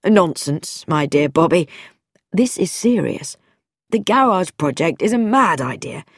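A stern, pompous old vicar, as a woman narrator puts him on, lecturing in formal tones with a lively swing of pitch. The voice is low and dry, close to the microphone. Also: unhurried, slightly rough, no room sound, exaggerated voice. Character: pompous, stern older male vicar and father.

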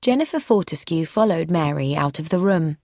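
A woman narrating a story aloud in a measured, clear, even way. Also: lowish voice, no echo, studio quality.

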